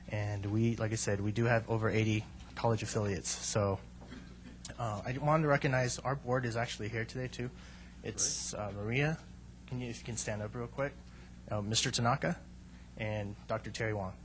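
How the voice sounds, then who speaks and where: A man, president of a community organization, giving a short, halting speech at a council meeting. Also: medium pitch, a little hiss or hum. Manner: halting, with restarts.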